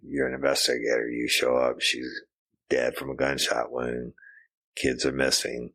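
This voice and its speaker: Man in his fifties, podcast co-host; very low gravelly voice, rambling jokey delivery. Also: completely flat delivery, moderate pace, a bit bright. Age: 50s. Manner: joking, rambling, with profanity. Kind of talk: casual chat.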